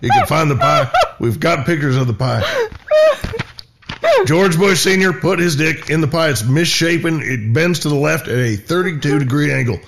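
A man's voice: on the high side, sing-song, normal speed, noisy background. A man playing a hot-headed middle-aged conspiracy radio host who rants and repeats himself. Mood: conspiratorial ranting. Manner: ranting, repeats himself, laughing into shouts.

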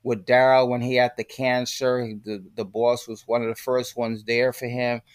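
A man's voice: medium pitch, moderate pace, clean tone, dry recording, studio quality. An older man, a guest in an interview, telling stories animatedly and acting out the voices he quotes. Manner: animated storyteller who acts out quoted voices. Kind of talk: storytelling in a podcast interview.

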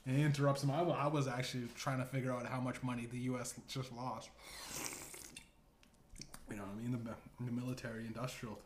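A man's voice: mid-range voice, level tone, brisk, slight background noise. A man hosting a podcast, telling a rambling comedic story full of profanity and asides. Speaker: podcast host. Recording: echoey room.

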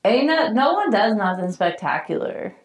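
A woman's voice: mid-range voice, sing-song, normal speed, echoey room. A woman co-hosting a podcast in casual chat, teasing and playful with her partner. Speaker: podcast co-host.

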